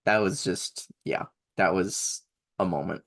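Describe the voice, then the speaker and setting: A man's voice: low voice, unhurried, fairly bright tone. A young man co-hosting a podcast in casual chat, enthusiastic and rambling, laughing often. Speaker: podcast co-host.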